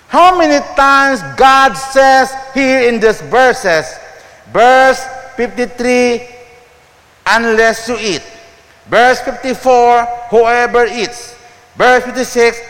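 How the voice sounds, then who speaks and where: Slow-preaching man in an echoing church. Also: high-pitched, a bit bright. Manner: slow, repetitive preaching that quotes scripture verse by verse. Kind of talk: sermon.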